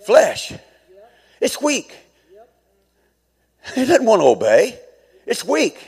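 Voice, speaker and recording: A middle-aged male pastor preaching a sermon, swinging from hushed asides to fervent shouting. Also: very high-pitched, wildly swooping pitch, slow, vocal fry, husky, in a large hall.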